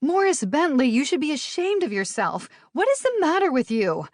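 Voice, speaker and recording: A woman performs an indignant young woman delivering a scolding, pitching her voice higher than her natural one. The high, very animated voice moves at a moderate pace, recorded clean in a studio with no room sound.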